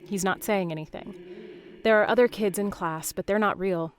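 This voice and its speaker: A woman narrating in second person, calm and measured, telling a dreamlike story. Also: mid-range voice.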